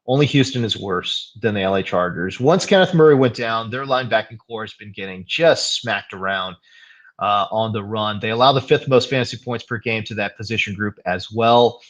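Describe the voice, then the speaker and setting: A young man hosting a fantasy football show, chatting casually in a loose, slangy way with lots of fillers, and quick to get heated before laughing it off. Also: fairly low pitch, fairly bright tone. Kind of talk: casual live stream chat.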